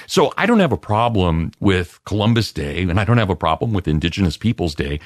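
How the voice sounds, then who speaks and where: A man answering interview questions as a guest historian, in an expansive, lecturing way with lively emphasis. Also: sits low, fairly quick, dry recording, studio quality.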